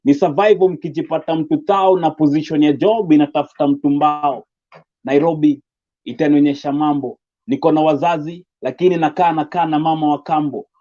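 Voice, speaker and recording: A man's voice: fairly high pitch, steady tone, brisk, warm tone. Kenyan man performing rhythmic spoken word. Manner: rhythmic, rhyming delivery. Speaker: poet. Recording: dull lo-fi recording.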